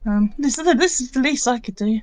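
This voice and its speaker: A man's voice: very high voice, brisk, a little mellow, voice pushed up. A man voicing a humble young village woman who talks in a modest, flustered way.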